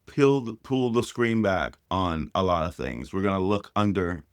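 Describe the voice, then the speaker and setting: A man's voice: low voice, animated, normal speed, dry recording, clean studio sound. A man, a drag performer, telling stories in a casual interview and acting out the voices of people he quotes.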